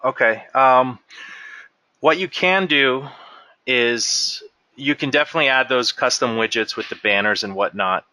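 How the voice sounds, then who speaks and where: A man guides viewers through a software walkthrough one step at a time, with a bright, forceful tone. The sound is dry and close, with no room echo around it. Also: mid-range voice, unhurried. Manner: explains step by step while clicking through. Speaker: software trainer. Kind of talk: screen-share software walkthrough.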